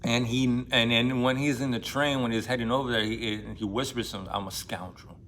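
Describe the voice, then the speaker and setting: A man casually retelling a novel, swearing freely and acting out characters' lines with excitement. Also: mid-range voice, brisk, slight background noise. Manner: profane, excitable, acts out quoted lines in a raised voice. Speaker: book vlogger.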